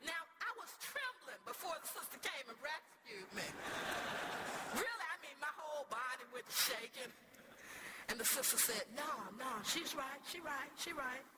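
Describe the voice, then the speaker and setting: A woman with a high-pitched voice preaches a storytelling sermon to a church congregation; she is a scholar, and her delivery is impassioned and rhetorical, full of repeated phrases. The recording carries loud background ambience.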